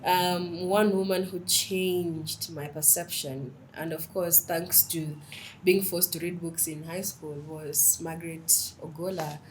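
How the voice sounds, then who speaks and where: A young woman talks in a lively, animated way, her voice sitting a little low for a woman. She chats casually as a guest and tells stories with relish. Faint noise hums behind her. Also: takes it slowly, poor audio. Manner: lively, animated storytelling, mixes in Swahili phrases. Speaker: podcast guest, writer. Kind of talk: casual interview chat.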